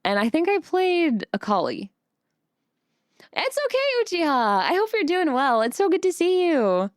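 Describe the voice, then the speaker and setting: Bubbly high-voiced woman streamer. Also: sing-song, measured pace, no room sound, studio quality. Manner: bubbly, greets chat by name, giggly. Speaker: vtuber streamer. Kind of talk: casual live-stream chat.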